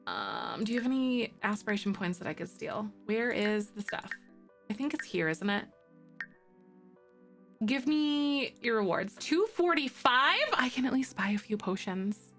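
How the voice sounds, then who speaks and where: A young woman streaming live, chatting casually with her viewers, greeting them by name and squealing when something excites her. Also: mid-range voice, unhurried, faint music behind. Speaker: Twitch streamer. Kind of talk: casual live-stream chat while playing a game.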